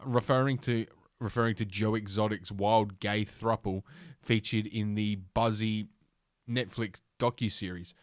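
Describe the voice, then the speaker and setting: A man's voice: lowish voice, steady tone, a little slow, dry recording, clean studio sound. Crude, mocking man reading aloud. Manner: crude, mocking, swears often, laughs at own jokes. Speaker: podcast host. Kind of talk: casual commentary while reading an article aloud.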